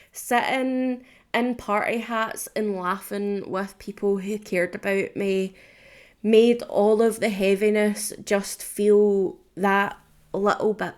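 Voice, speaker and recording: A woman's voice: mid-range voice, clean tone. A young woman hosting a solo podcast, talking candidly and rambling a little, laughing often and swearing casually. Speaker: podcast host.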